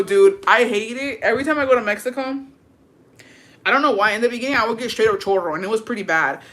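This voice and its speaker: A woman's voice: mid-range voice, a bit bright. A woman telling crude stories in casual chat, laughing often and swearing freely, slipping Spanish words into her English. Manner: crude, profane, laughing storytelling. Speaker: content creator reading viewer stories.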